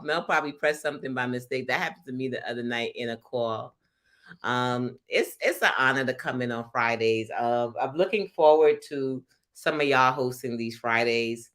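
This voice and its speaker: Bright-voiced woman hosting a livestream call. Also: extremely low pitch, normal speed. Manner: animated, laughs often, rambling restarts. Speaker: host. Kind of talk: casual livestream talk. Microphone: video call.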